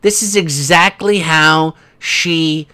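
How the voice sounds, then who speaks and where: A man's voice: on the high side, slow pace, bright, forceful tone, smooth. A man hosting a casual commentary video, rambling and sarcastic, with many fillers. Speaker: host.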